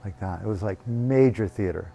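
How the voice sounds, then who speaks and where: A man teaching a meditation retreat, telling a family story in an animated, profane way into a handheld microphone. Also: on the low side, moderate pace, vocal fry, soft background music. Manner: animated, profane, acting out voices. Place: retreat hall.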